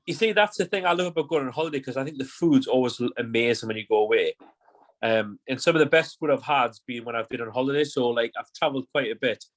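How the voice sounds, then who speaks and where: A man's voice: mid-range voice, fast. A man, a podcast guest, telling rambling, sweary stories in casual chat.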